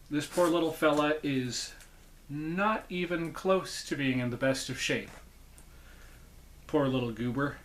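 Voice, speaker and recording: A man's voice: on the high side, fairly bright tone, slight background noise. A man hosting a casual unboxing vlog as a puppet collector, enthusiastic and rambling, often correcting himself. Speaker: puppet collector, channel host.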